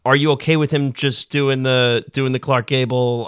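A man's voice: mid-range voice, steady tone, normal speed, few pauses, smooth, no echo, studio quality. Man hosting a film podcast, rambling questions. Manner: asks rambling questions with restarts. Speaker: podcast host. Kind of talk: casual film chat.

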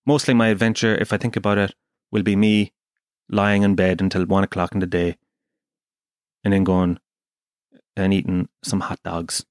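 A man's voice: deep voice, little pitch movement, normal speed, long pauses, no room sound, studio quality. An Irish man from Kerry hosting a podcast, telling a comic story in a profane, self-deprecating way. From Kerry, Ireland. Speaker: podcast host.

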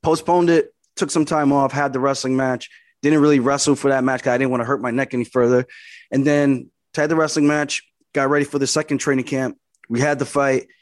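A man's voice: medium pitch, flat delivery, fairly quick, no echo. Man recounting his fight, dry sound. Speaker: fighter guest. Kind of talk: casual interview talk.

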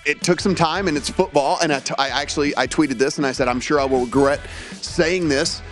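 A man's voice: on the high side, a bit bright, faint music behind. A man hosting a sports betting talk show, chatting casually about games and lineups. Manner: rambling, chatty, reads lineups quickly.

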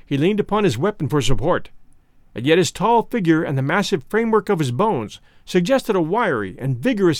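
A man reads a story aloud, measured and expressive, his fairly high voice rising and falling a great deal. The recording is dry and close, with no room echo. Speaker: narrator. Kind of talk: audiobook narration.

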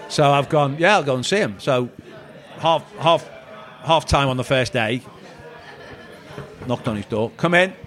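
A man's voice: medium pitch, unhurried, pauses often, fairly bright tone, some chatter behind. A middle-aged man, a former footballer telling rambling anecdotes in casual chat. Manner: rambling anecdotal, quotes others in voices. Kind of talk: storytelling chat.

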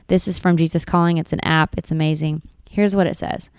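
Young mother vlogger, earnest and emphatic, low smooth voice, dry close sound. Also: fairly even intonation, brisk, darkish tone, dry recording. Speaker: vlogger mom. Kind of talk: heartfelt personal vlog talk.

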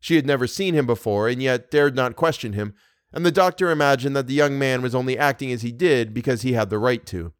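Male audiobook reader, even and steady, mid pitch, dry close sound. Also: a little fast, no room sound. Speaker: audiobook narrator. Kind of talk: scripted narration.

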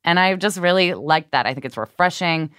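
A woman's voice: on the low side, expressive, a little fast, fairly bright tone, clear, resonant tone, no room sound, studio quality. A woman co-hosting a podcast, chatting candidly with lots of "like" fillers. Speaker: podcast co-host. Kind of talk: casual chat.

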